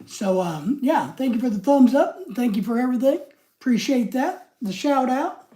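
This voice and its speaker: A man's voice: very high voice, lively intonation, moderate pace, mellow. An older man hosting a casual livestream, rambling as he reads viewers' comments aloud and greets them by name. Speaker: livestream host.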